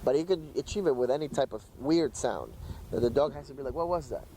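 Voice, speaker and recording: Mellow-voiced man explaining dog training. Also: medium pitch, fast talker, a little hiss or hum, poor audio. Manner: animated, acts out little voices, many fillers. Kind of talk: casual podcast chat.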